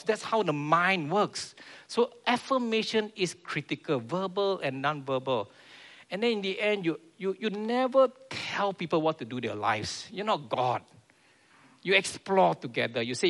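A man's voice: high-pitched, sing-song, normal speed, fairly bright tone. A man preaching a sermon in a church, earnest and repeating his key phrases.

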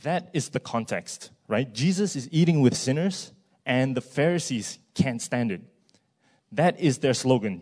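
A man's voice: medium pitch, animated, unhurried, a little mellow. Casual male preacher. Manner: conversational, often adds "right?" and fillers. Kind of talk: sermon. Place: church.

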